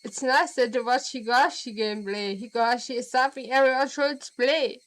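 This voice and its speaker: A woman with a German accent reads a visual novel aloud on stream, going slowly and deliberately, laughing and making asides to chat with viewers. Her voice is on the high side, and the recording quality is low.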